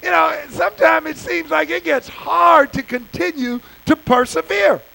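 A man's voice: very high-pitched, unhurried, gravelly, bright, forceful tone, rough recording. A man preaching an impassioned sermon, talking to the congregation in a folksy, conversational way. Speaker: pastor.

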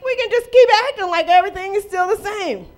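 High-voiced woman preaching a lively sermon. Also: quick pace. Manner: lively preaching with rhetorical questions and playful acted quotes. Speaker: pastor.

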